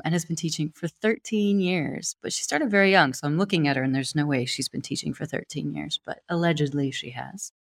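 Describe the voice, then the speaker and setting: A podcast host from Wyoming, USA, introduces her guest with gushing enthusiasm, moving into interview chat. Her voice is low with a fairly bright tone.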